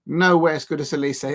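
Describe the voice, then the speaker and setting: Man, football watch-along host, casual rambling chat, somewhat high pitch. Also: a bit bright. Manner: rambling and chatty, laughing often. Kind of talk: casual live-stream commentary.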